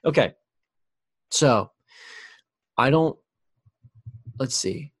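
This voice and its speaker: An easygoing young man chatting about sports on a podcast, quick to poke fun at himself. His voice sits at a middle pitch. The sound is close and dry, with no room echo. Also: husky. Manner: easygoing, self-deprecating, animated. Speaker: podcast co-host. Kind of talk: casual sports chat.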